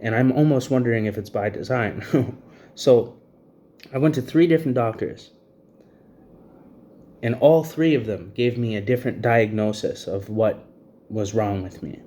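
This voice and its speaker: A man's voice: mid-range voice, a little slow, long pauses, mellow. Breathless, agitated man ranting. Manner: agitated, repetitive, many "you know what I mean" fillers. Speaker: vlogger. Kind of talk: ranting to camera.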